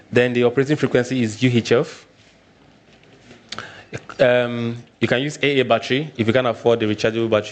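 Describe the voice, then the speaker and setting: Nigerian man giving a tech workshop. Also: lowish voice. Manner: repeats points, frequent "all right" check-ins. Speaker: workshop presenter. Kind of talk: live technical presentation.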